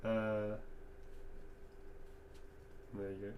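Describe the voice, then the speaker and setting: A man's voice: lowish voice, extremely slow, muffled recording. A middle-aged man, an actor, chatting casually and rambling with frequent laughs while he signs autographs. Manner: relaxed, rambling, laughs often. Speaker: actor guest signing autographs. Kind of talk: casual chat while signing. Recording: roomy echo, faint background hum.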